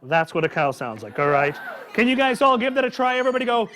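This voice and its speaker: A man hosting a live children's story time, talking with animated energy and calling out questions for the kids to answer. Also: very high voice, fast, slight background noise. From Midwest farm upbringing. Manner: animated, call-and-response with children. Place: public library event with a live audience.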